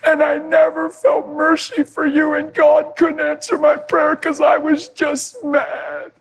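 A man's voice: extremely high pitch, monotone, slow, gravelly, voice pushed up, full character voice, low-quality recording. A man voicing his wife, a young woman sobbing and pleading over and over that she is sorry.

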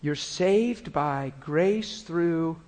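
A male preacher with a slightly higher voice, talking to a room of listeners in a relaxed, conversational sermon. He drops into soft, murmured prayer and then brightens into goofy, laughing anecdotes. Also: drawn-out words. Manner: conversational, shifts into soft spoken prayer and playful storytelling. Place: church room before a congregation.

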